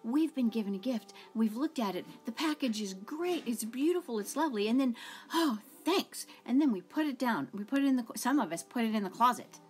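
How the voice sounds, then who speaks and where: A woman's voice: fairly high pitch, animated, a little fast, hardly any pauses. A middle-aged woman giving an earnest devotional talk, telling personal stories in a conversational way. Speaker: ministry speaker.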